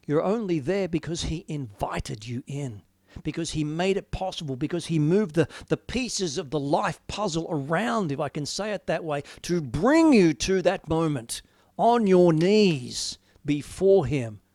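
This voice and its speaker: Earnest gravelly-voiced male preacher. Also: fairly high pitch, expressive, a little slow, no room sound, studio quality. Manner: earnest, reflective, swings from hushed to emphatic. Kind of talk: informal sermon, devotional talk.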